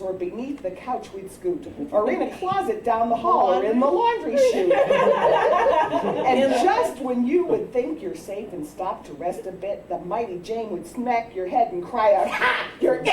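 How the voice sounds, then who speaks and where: A woman reciting her own comic rhyming poem at a family birthday party, animated and often breaking into laughter as she acts out shouted lines. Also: on the high side. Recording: echoey, distant home video with background noise.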